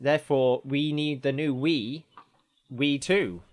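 A man hosting a casual podcast, joking and animated, often restarting his sentences. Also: medium pitch, takes it slowly. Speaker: podcast host.

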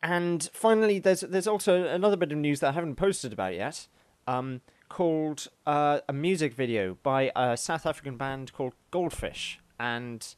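Male podcast co-host, raised pitch, deadpan humour, dry close sound. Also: normal speed, few pauses, smooth, no room sound. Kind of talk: casual chat.

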